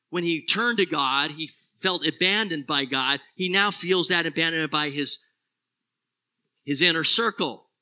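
A man preaching a sermon as a pastor, animated, swinging between loud exclamations and hushed, low phrases.

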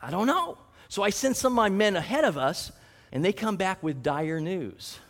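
A man acts out a Bible story in the first person, chatty and full of humorous asides. His voice is high and swings widely in pitch. A long hall reverb trails each phrase. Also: moderate pace. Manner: animated, conversational, humorous asides.

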